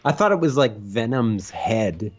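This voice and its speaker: A man's voice: on the low side, expressive, unhurried, slight background noise. Guy cracking wry jokes on a game stream, really bouncy intonation, kinda muffled audio. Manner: wry, joking interjections. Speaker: co-host of a retro game show. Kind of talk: casual gameplay banter.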